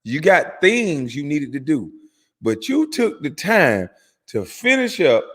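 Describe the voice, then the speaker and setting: A man rants through profane, mocking reaction commentary. His voice swings widely in pitch and sits a little high. It is gravelly and slightly husky, with a long reverb trailing behind him. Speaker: host reacting to a clip.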